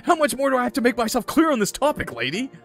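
A man's voice: mid-range voice, lively intonation, a little slow, a bit bright, faint music behind. A man voicing a smug, cocky male guardian angel, reading game dialogue in a playful, sly drawl. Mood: teasing.

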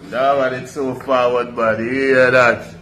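A man's voice: medium pitch, flat delivery, takes it slowly, pushed and bright, slight background noise. A man bantering casually and teasing friends in a clip. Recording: roomy clip with crowd chatter.

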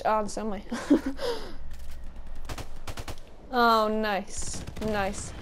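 A woman's voice: on the high side, animated, measured pace, darkish tone, slight background noise. A young woman giving casual, sweary commentary while playing a shooter game, laughing often and shrieking now and then. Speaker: gaming YouTuber.

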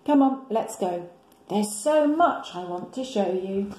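A woman's voice: mid-range voice, lively intonation, unhurried, dark tone, roomy sound, natural voice. A woman voicing a grumpy but playful male bronze lion in a storybook read-aloud, with a theatrical, roaring manner.

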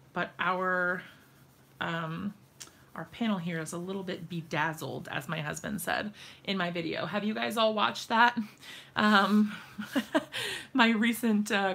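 Young woman, craft livestream host, chatty and giggly, slow delivery, some vocal fry. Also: mid-range voice, fairly bright tone, a little hiss or hum. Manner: giggly, chatty, laughs often. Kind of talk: casual live-stream chat while crafting.

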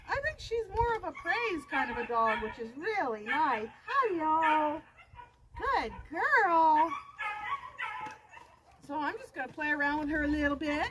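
A woman's voice: sits high, very animated, unhurried, background noise. A woman dog trainer in an instructional video, switching between explaining to viewers and cheerfully praising and coaxing a puppy.

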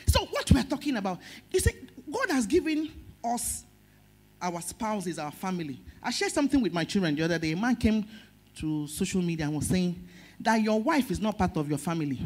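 A woman's voice: mid-range voice, big pitch swings, fairly quick. Emotional Nigerian woman pastor preaching. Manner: emotional, swinging between loud stress and soft. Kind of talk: sermon.

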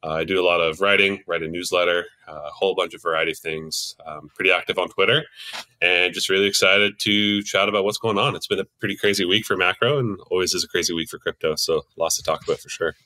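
A man's voice: deep voice, steady tone, fast talker, bright, forceful tone, dry recording. A man who is a podcast guest, walking through market data in casual discussion, upbeat, with frequent ums. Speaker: podcast guest, macro and crypto analyst.

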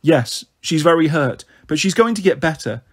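A man's voice: on the high side, expressive, moderate pace. A man voicing a frightened young girl comforting her siblings, pleading and anxious.

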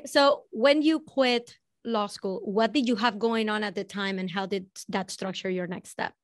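A woman podcast host asking her guest measured, open-ended questions. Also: medium pitch, no room sound, studio quality. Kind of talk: interview questions.

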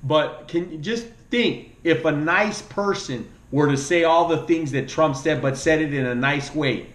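Fired-up preachy man in an echoey room. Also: unhurried. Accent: Latino American English. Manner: emotional, preachy, repeats "man", voice jumps up and drops low. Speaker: vlogger. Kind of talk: impassioned political rant.

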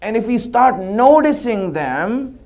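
High-voiced man giving a sermon. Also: big pitch swings, slow, darkish tone, dull audio. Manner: repetitive, conversational storytelling. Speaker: religious speaker. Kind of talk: sermon with storytelling.

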